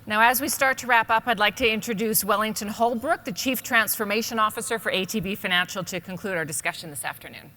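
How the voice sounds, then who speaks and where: Bright-voiced woman emceeing a conference. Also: mid-range voice, fast, hardly any pauses. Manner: polite, gracious transitions. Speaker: event host. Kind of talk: emceeing an event. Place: large conference hall. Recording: reverberant hall PA sound.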